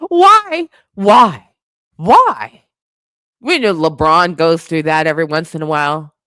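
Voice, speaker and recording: Woman host, live-stream chatter, slow and lively, frequent laughs, dry close sound. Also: low-pitched, no echo. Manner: laughs often, exasperated and playful. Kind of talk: casual live-stream reaction chat.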